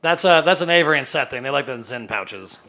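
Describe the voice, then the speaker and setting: A man's voice: medium pitch, expressive, fast talker, sharp tone. A man co-hosting a podcast in casual chat, teasing his friends and laughing often. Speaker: podcast co-host.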